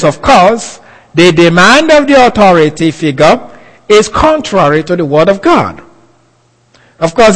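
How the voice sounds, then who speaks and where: A man giving a sermon in a slow, deliberate, emphatic way. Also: sits high, long reverb tail, rough recording. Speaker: preacher.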